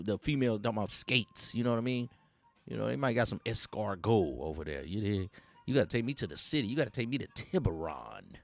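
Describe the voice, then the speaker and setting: Male host, streetwise uncle type, preachy and rambling, very animated delivery, faint music bed. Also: medium pitch, creaky, dry recording. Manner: animated, chuckles between points. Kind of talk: satirical dating advice monologue.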